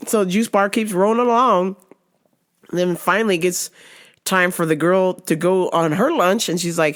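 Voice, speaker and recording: With a lowish voice and a slightly slow delivery, this podcast host shares a funny story while chatting casually. She laughs nonstop, curses freely, and stays animated.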